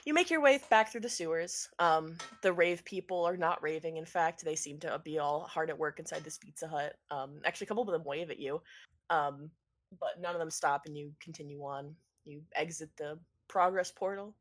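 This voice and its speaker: A woman's voice: low voice, brisk. A woman narrating a tabletop game as game master, casual, with fillers.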